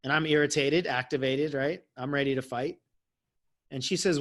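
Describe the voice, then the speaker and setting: A man's voice: mid-range voice, steady tone, normal speed, a bit bright. A man who works as a life coach, telling a story in a casual, self-mocking way and laughing often.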